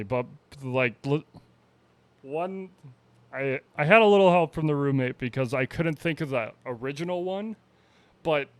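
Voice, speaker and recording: A man's voice: fairly high pitch, no room sound. A man co-hosting a casual podcast, rambling loosely and laughing a lot. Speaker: podcast co-host. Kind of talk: casual chat.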